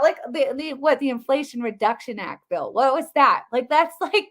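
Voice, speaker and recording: A middle-aged woman with a high voice, talking at normal speed, hosts a live political commentary stream. She is casual, animated and rambling, full of restarts and fillers, and addresses her viewers as guys.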